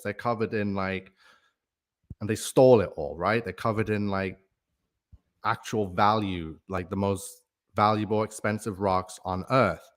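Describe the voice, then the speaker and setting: A man hosting a casual livestream, rambling in a conspiratorial way and reading out viewer comments between his own thoughts. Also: fairly low pitch. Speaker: livestream host.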